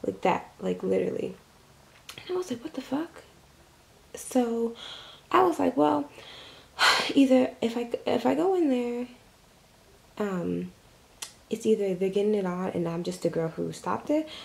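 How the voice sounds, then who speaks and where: Young woman, casual storytime vlog, rambling and filler-heavy, mellow dark tone, slight fry. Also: on the low side, low-quality recording. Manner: rambling, filler-heavy retelling with lots of "like" and swearing. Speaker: vlogger. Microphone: camera mic.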